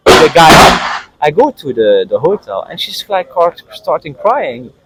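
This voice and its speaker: A man with venting in a casual chat, animated and frustrated, mimicking a partner's nagging. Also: a little high, moderate pace, husky, low-quality recording. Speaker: guest telling his own story.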